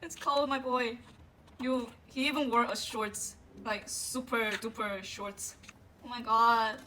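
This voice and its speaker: A woman unboxing a music album and gushing over it in a casual way, with frequent gasps and a drawn-out delivery full of fillers. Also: medium pitch, slight background noise, rough recording. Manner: excitable, gasps often, gushing. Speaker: vlogger.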